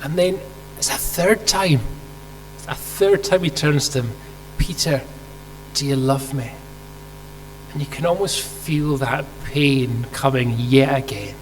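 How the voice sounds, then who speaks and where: A man's voice: medium pitch, a little slow. A man preaching a sermon, telling a story vividly and asking rhetorical questions, acting out quoted lines. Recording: hall reverb with faint mains hum.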